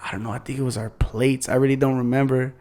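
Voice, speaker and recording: A man's voice: medium pitch, flat delivery, fast, darkish tone. A young man hosting a podcast in a laid-back, casual way, laughing often and using slang. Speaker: podcast host. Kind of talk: casual chat.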